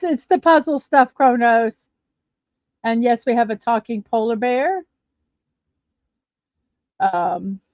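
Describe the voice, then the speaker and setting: Slow-talking chatty woman streamer. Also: on the high side, a little mellow, dry recording. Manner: chatty, reads viewer comments aloud. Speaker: livestream host. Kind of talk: casual livestream chat. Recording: dull lo-fi dry stream audio.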